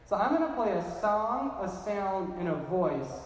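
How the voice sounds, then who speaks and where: A man preaches a sermon as pastor in a high, sing-song voice at a measured pace. His style is chatty and conversational, and he keeps checking in with "right?". It's recorded in an echoey hall from a distant mic.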